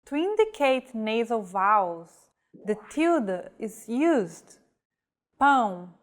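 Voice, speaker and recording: Here the same kind of scripted pronunciation lesson comes from a woman teacher whose slightly high voice swings widely in pitch. Slow and deliberate, she lingers on every example word as if breaking it down for a novice.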